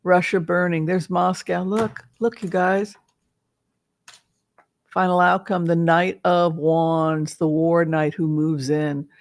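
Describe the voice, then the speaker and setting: Woman tarot reader, casual chat, rambling and playful, gravelly voice, slow delivery. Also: lowish voice, little pitch movement, no room sound. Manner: rambling, playful, breaks into laughter.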